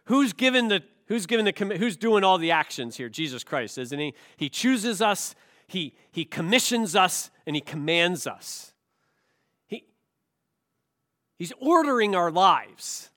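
A male pastor preaching a sermon. He asks rhetorical questions and swings between hushed, slow lines and loud, emphatic ones. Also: sits high, big pitch swings.

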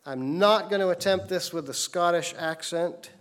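A male pastor delivering a sermon with a slightly higher-than-usual voice. He speaks earnestly and tells anecdotes, acting out the people in them. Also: moderate pace, a bit bright. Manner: earnest storytelling preacher, voices characters in anecdotes.

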